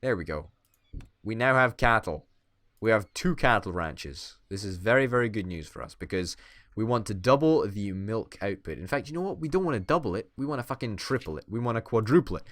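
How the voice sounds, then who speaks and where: Guy playing a game, jokey and sweary, lowish voice, dry close sound. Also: lively intonation, a little fast, a bit bright, dry recording. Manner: playful, swearing, mock-dictator bluster. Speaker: gaming YouTuber. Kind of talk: casual let's-play commentary.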